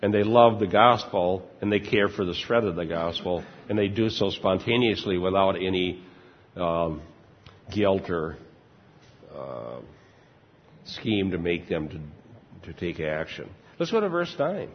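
An older male pastor with a husky, fairly low voice preaches in an easy, conversational way and chuckles often. The recording is dull and lo-fi, and a long reverb hangs in the church around him. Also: a little slow. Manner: chuckles often, relaxed and informal. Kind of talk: conversational sermon.

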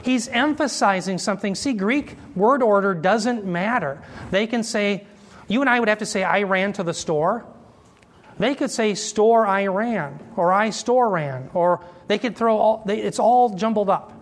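A man teaching an expository sermon, explaining Greek terms slowly and asking his listeners questions as he goes. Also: high-pitched. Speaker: Bible teacher.

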